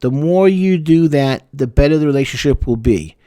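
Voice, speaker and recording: A man's voice: fairly high pitch, lively intonation, moderate pace, warm tone, no echo. A male therapist giving frank, sarcastic relationship advice and repeating words for emphasis. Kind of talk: advice talk to camera.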